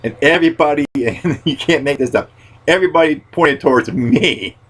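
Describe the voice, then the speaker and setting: A man hosting a podcast, telling a story in a loud, rambling way and swearing freely. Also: a little high, moderate pace, rough recording. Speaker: podcast host.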